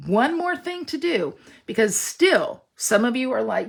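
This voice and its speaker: Woman, craft class instructor, chatty and reassuring, gravelly voice, lively swooping pitch. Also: a little slow. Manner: chatty, reassuring, talks to viewers. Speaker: online stamping class instructor. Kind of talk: casual craft demonstration.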